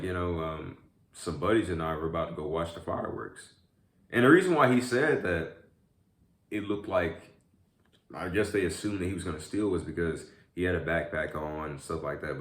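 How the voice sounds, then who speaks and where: A man vlogging casually while eating, telling a rambling story full of fillers like "like" and "you know". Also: low voice. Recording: echoey room.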